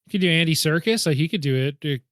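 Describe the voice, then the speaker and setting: A man's voice: on the high side, lively intonation, quick pace, fairly bright tone, no echo, studio quality. A man co-hosting a movie podcast, chatting casually and hedging his guesses with self-deprecating laughs. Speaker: podcast co-host.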